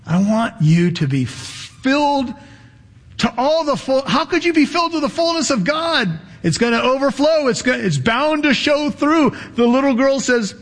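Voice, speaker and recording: A man's voice: very high-pitched, a little slow. A male pastor preaching a sermon, telling stories with chuckles and asides to the congregation. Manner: lively storytelling with chuckles and audience asides. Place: church sanctuary. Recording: echoey church hall.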